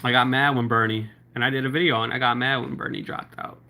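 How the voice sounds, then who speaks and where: Southern guy chatting on a livestream, bright voice, rambly w lots of likes and ums. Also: medium pitch, fairly even intonation, fast talker, slight background noise. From South Florida. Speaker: YouTuber. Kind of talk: casual livestream chat reading viewer comments.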